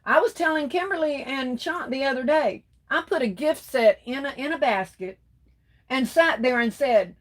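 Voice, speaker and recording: A woman hosts a craft livestream, reading viewer comments aloud and answering warmly, calling people baby and darling. Her high-pitched voice is expressive and moves at a normal speed.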